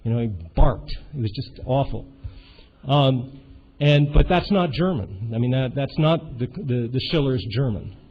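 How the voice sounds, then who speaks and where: A man speaking informally to a seminar group, halting often, restarting his sentences and filling gaps with fillers. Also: mid-range voice, lively intonation, slightly rough. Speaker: seminar participant. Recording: muffled with faint hiss.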